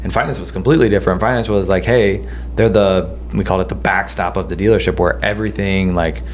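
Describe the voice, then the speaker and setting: A man's voice: low-pitched, fairly even intonation, fast talker, a little hiss or hum. A man co-hosting a podcast, telling a story in a casual, rambling way with lots of fillers and restarts. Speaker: podcast co-host.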